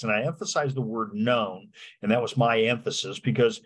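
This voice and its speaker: Husky man lecturing with many fillers. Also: mid-range voice. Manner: halting, many fillers and restarts. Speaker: real estate law instructor. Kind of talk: lecture with slides.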